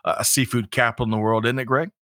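A man's voice: mid-range voice, fairly even intonation, fast talker, fairly bright tone, no room sound, clean studio sound. A man co-hosting a live business show, chatting casually and greeting the audience. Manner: folksy, reads out audience greetings. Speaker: livestream co-host.

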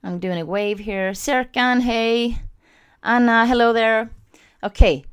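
A slightly high, slow, smooth female voice belongs to a chatty podcast host talking casually from her home recording setup while also streaming live. She's animated and gives shout-outs to the live viewers.

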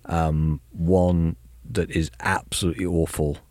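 A man's voice: sits low, little pitch movement, measured pace, a little mellow, no room sound. A man co-hosting a podcast, chatting casually with dry, sardonic asides. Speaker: podcast co-host. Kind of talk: casual music review chat.

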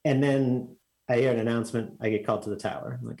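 A man's voice: mid-range voice, quick pace, dark tone, low-quality recording. A man from Texas, telling a rambling story as a guest in a casual chat, full of fillers and restarts.

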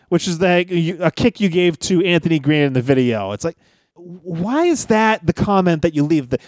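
A man's voice: a little high, expressive, moderate pace, a little mellow, no room sound. A man co-hosting a wrestling podcast, talking casually in a reflective, rambling way with many fillers. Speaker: podcast co-host.

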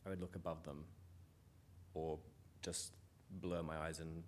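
An Australian man, a comedian, chatting casually and telling stories in a relaxed way that trails off quietly. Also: very deep voice, measured pace, slight background noise. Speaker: comedian, guest. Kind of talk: casual chat.

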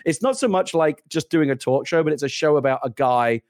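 A man's voice: fairly high pitch, brisk, no echo, studio quality. A middle-aged British man chatting on a podcast, telling stories animatedly with frequent laughs and restarts. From Britain. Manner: animated storyteller, laughs often, many restarts. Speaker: podcast co-host. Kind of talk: casual chat.

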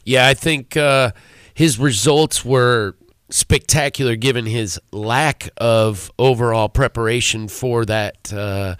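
A man calling in to a radio show, asking a question with halting phrasing. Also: mid-range voice, a bit bright, clear, resonant tone, no room sound, studio quality. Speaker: caller. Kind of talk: casual radio call-in.

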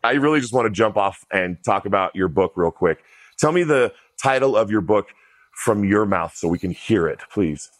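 A man's voice: on the low side, expressive, moderate pace, no echo. A man hosting an interview show, talking loosely and conversationally with fillers and restarts. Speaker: podcast host. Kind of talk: casual interview.

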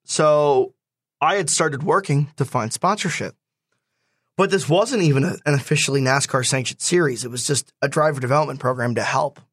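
A man's voice: medium pitch, no room sound. Young man telling a story, dry close sound. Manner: animated, quotes people in quick asides. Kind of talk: casual storytelling.

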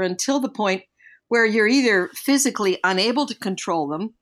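An older woman co-hosting a casual podcast, telling parenting stories in an earnest, reflective way and brightening when she quotes people. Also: mid-range voice, moderate pace. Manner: earnest, reflective, animated when quoting others. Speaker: podcast co-host, parenting guest. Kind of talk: casual podcast chat, storytelling.

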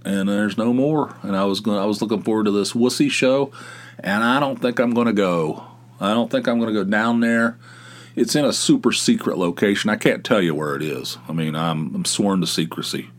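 A man's voice: on the low side, brisk. A middle-aged man hosting a podcast, rambling through a casual comic monologue with lots of restarts and exasperated asides. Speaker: podcast host.

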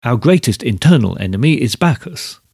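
A man voicing a coarse, arrogant, fat male letter-writer who talks in a pompous, hurried way, in a storybook reading. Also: mid-range voice, sing-song, creaky, darkish tone, breathy edge, dry recording, clean studio sound, heavily acted.

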